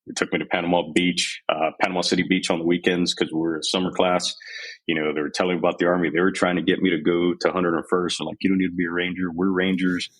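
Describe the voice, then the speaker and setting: Very deep and husky, a San Antonio, Texas army veteran talks fast with a level tone and fairly bright quality over a rough recording. As a podcast guest in a candid storytelling interview, he's frank and unguarded, acting out scenes in quoted voices.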